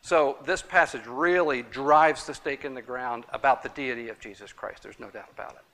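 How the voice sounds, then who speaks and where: A man's voice: mid-range voice, moderate pace, a bit bright. A man teaching a Bible study class, emphatic and repeating his key points, taking questions from the room.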